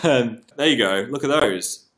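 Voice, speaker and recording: A young man from England chatting casually on a live stream, a little hoarse with his voice breaking now and then, joking and laughing at himself. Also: medium pitch, lively intonation, unhurried, fairly bright tone. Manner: chatty and self-mocking, laughs often, does silly voices. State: hoarse, voice breaking after a sore throat. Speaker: livestream host.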